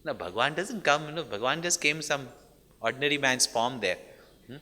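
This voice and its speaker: A man's voice: mid-range voice, lively intonation, moderate pace, pushed and bright. A man, a spiritual teacher, telling stories in a discourse and checking in with the listeners through constant "hmm?" and "no?" tags. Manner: frequent questioning "hmm?" and "no?" tags. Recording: long hall reverb.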